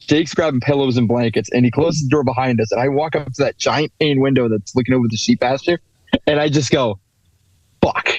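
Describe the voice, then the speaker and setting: A man's voice: medium pitch, fast talker, darkish tone, no room sound, highs cut off. A young man on a podcast, telling a funny story with frequent laughs. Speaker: podcast co-host. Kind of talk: casual storytelling chat.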